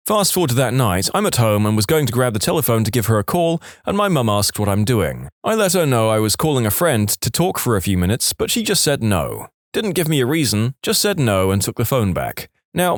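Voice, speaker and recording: A man reading submitted stories aloud in an animated storytelling manner on a close studio mic. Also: mid-range voice, no room sound. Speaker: story narrator.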